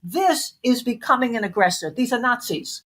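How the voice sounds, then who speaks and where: A woman's voice: fairly high pitch, expressive, normal speed, fairly bright tone. A woman interview guest giving intense, emphatic testimony, repeating phrases for weight.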